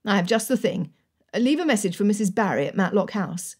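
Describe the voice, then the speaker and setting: A woman's voice: medium pitch, lively intonation, brisk, breathy edge. A woman voicing a jovial, loyal Regency army colonel in an audiobook, joking and firm by turns. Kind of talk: audiobook character reading.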